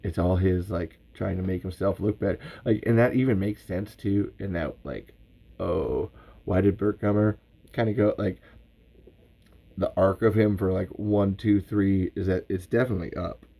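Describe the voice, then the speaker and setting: A man's voice: sits low, vocal fry, warm tone. A man hosting a podcast livestream, chatting casually and rambling with many restarts. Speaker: podcast host.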